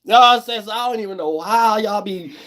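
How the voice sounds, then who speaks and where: Man, vlogger, casual rant, fairly high voice, repetitive and animated. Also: fast. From Ohio, USA. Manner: animated and repetitive, often asks "you know what I'm saying?". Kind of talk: casual ranting commentary.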